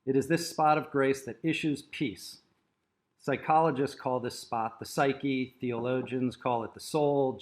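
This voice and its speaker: A middle-aged man co-hosting a talk, soft-spoken and easygoing, reading a passage aloud at a slow, measured pace. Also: medium pitch. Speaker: co-host. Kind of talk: casual chat and reading aloud.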